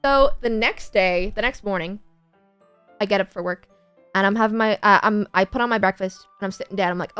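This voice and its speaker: A young Irish woman streamer chatting casually, telling a story in an animated way, laughing and acting out the people in it. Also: mid-range voice, fairly quick, clean tone, dry recording, soft background music.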